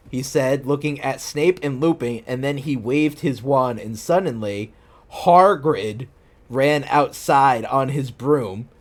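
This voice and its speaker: Lively, incredulous male streamer. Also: medium pitch, measured pace. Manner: incredulous, mocking, breaks into laughter. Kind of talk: reading fan fiction aloud with commentary.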